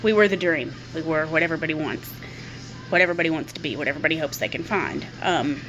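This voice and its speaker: A middle-aged woman talks openly to her camera in a fairly low voice, circling back over her words as she works through her thoughts. Faint music plays quietly under her speech. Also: quick pace, dull audio. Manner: candid, repeats words while thinking aloud. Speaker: vlogger. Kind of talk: personal talk to camera.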